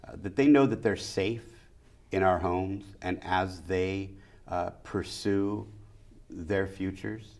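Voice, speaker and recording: Middle-aged man, deep voice, emphatic guest answering interview questions, repeats his points in rhythmic lists. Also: steady tone, slow, darkish tone. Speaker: school district superintendent.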